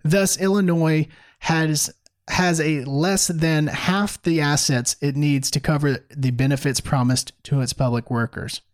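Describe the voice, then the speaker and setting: Male commentary host, higher-pitched, sarcastic and emphatic delivery. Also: a little slow. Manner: sarcastic, mocking; animated, emphatic. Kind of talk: opinionated commentary.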